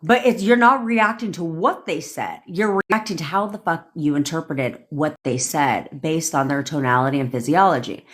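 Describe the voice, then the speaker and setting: A woman with a deep voice coaches viewers on manifestation during a livestream, speaking at normal speed with hardly any pauses. She's blunt and casual, swears a lot, and replies to commenters by name.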